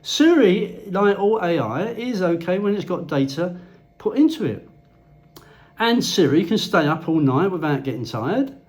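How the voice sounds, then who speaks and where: High-voiced man ranting and swearing. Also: very animated, a little slow, a little mellow. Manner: rambling, blunt, swears freely. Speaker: vlogger. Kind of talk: casual rant to camera. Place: in the Philippines.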